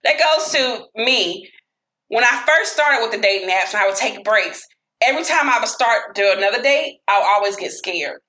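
Brief: woman, casual chat, profane animated storyteller, bright voice, roomy echo. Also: a little high, moderate pace.

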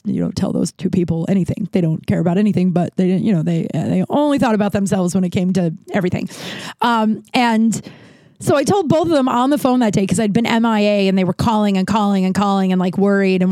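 A woman in her thirties telling a personal story on her podcast, rambling and animated, full of fillers and restarts. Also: mid-range voice, no room sound, studio quality. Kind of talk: casual storytelling monologue.

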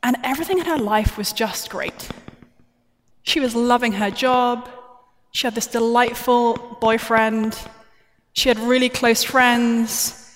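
Taking it slowly in a slightly high voice, a conference speaker delivers a chatty plenary talk full of jokes at her own expense. The stage mic in the large hall captures plenty of reverb.

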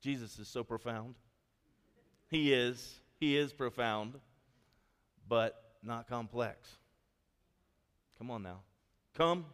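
A man preaching a sermon as a pastor, telling stories in an animated way and acting out the quotes in them. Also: mid-range voice, slow pace, long pauses. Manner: animated storytelling, acts out quotes. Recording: long hall reverb.

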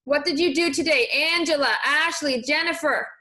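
A young woman with a high voice leads a motivational live chat, warmly pushing her viewers to step out of their comfort zone. She sounds energetic and encouraging. The room is echoey. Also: normal speed. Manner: energetic, encouraging, reads viewer comments aloud. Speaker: live stream host coaching viewers.

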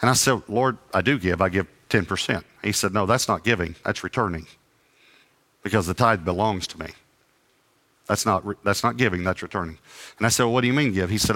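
A man's voice: lowish voice, a little fast. A middle-aged male preacher telling a sermon story, acting out each side of a conversation with self-deprecating humor. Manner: animated anecdotes with acted-out dialogue and self-deprecating humor. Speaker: traveling preacher.

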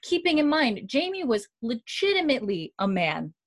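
A woman's voice: fairly high pitch, normal speed, no echo. A young woman casually recapping a TV episode, acting out the characters' lines with lots of laughs. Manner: animated storytelling, acting out quotes, laughs often. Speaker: podcast host recapping a TV episode. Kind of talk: casual chat.

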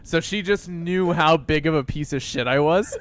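A man's voice: on the high side, moderate pace. A man co-hosting a podcast, joking around and swearing in casual banter. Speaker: podcast co-host. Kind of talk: casual chat.

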